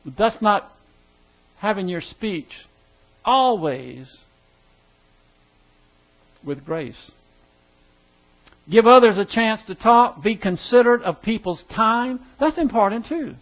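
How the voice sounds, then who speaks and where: High-voiced man teaching a class. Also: lively intonation, slow pace, long pauses. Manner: conversational, asks the class questions. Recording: dull lo-fi recording.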